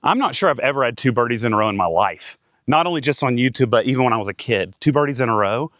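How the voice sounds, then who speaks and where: A man in his thirties giving casual play-by-play of his own golf round outdoors, getting excited and talking to himself between shots. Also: mid-range voice, fast, dry recording, clean studio sound. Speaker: golf vlogger.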